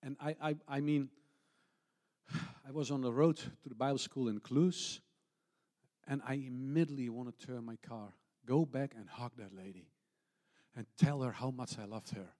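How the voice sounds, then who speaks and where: A man's voice: medium pitch, normal speed, long pauses, warm tone. Earnest middle-aged missionary man preaching. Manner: earnest storytelling, non-native phrasing, frequent restarts. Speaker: missionary pastor. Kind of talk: sermon.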